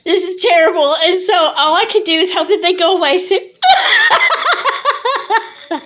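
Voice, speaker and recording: A woman's voice: very high voice, moderate pace, fairly bright tone, a little hiss or hum. A woman vlogger with the hiccups, laughing helplessly through her words in a casual monologue to camera. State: has the hiccups.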